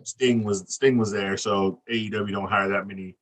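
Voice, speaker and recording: A man on a casual wrestling podcast, talking loud and animated, cursing freely and laughing. His voice is bright and forceful. He sits a little back from the mic. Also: lowish voice, moderate pace, far from the mic. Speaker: podcast co-host recapping wrestling. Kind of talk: profane casual chat.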